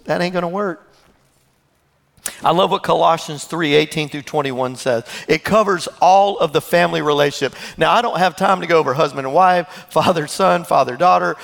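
A man preaching a sermon in a church sanctuary with a high, gravelly voice. He laughs and throws in asides as he goes. His voice rings with the long reverb of a large hall. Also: normal speed, fairly bright tone. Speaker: pastor.

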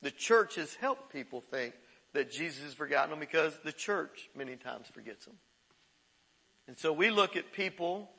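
A man's voice: a little high, sharp tone, husky, rough recording. A middle-aged male pastor preaching a sermon in a conversational way, chuckling and repeating himself. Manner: conversational preaching with laughs and repetitions.

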